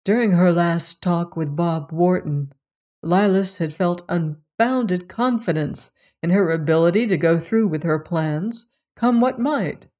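An audiobook narrator reading a story in a steady, measured manner. The voice sits at an ordinary middle pitch and moves through the prose evenly. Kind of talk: scripted narration.

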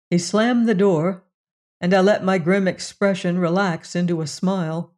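An audiobook narrator giving a measured first-person reading of a story. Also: mid-range voice, fairly even intonation, darkish tone.

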